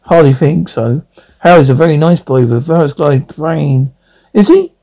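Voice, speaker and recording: A man voicing a mild-mannered middle-aged woman neighbour who speaks quietly and politely in a one-man comedy radio reenactment. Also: a little high, sing-song, moderate pace, gravelly, exaggerated voice.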